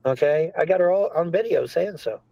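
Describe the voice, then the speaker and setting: A man's voice: fairly high pitch, lively intonation, fairly quick, vocal fry, muffled recording, a crowd in the background. A man ranting as a guest, repeating himself insistently and swearing often. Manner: rambling, repetitive, profane, insistent. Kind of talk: heated phone-in rant.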